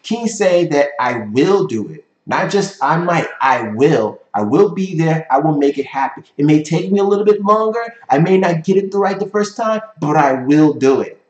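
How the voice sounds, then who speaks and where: A man's voice: fairly high pitch, lively intonation, moderate pace, few pauses, darkish tone, highs cut off. A man giving a motivational business lecture at a whiteboard, speaking emphatically and ending points with "right?". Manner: emphatic, repeats points, frequent "right?" tag questions. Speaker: business coach. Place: room with a whiteboard. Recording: echoey room.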